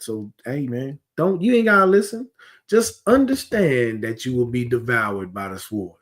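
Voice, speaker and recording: A man's voice: medium pitch, sing-song, normal speed. A man teaching a scripture class in a heated, conversational way, often asking rhetorical questions and drifting into digressions.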